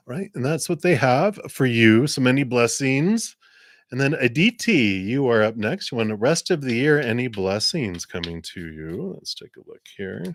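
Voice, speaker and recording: A man giving gentle, encouraging tarot readings on a live stream, talking casually with soft laughs. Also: fairly low pitch, no echo, clean studio sound. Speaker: tarot reader.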